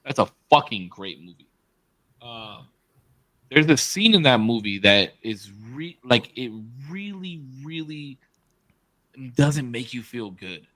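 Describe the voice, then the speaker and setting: A man's voice: medium pitch, lively intonation, slow, fairly bright tone, poor audio. A man co-hosting a podcast, retelling a story emphatically and swearing often in casual chat. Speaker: podcast co-host.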